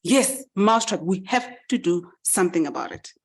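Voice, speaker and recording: A woman's voice: on the low side, expressive, normal speed, husky. A woman voicing an indignant, panicky little male mouse, pleading urgently. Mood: outraged.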